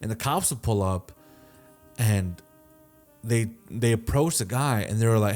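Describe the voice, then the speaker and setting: A young man hosting a podcast, telling a crime story in a loose, animated way, swearing a lot and checking in with "right?". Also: on the low side, a little slow, long pauses, soft background music. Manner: swears constantly, animated retelling, keeps asking "right?". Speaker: podcast host. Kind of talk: casual storytelling.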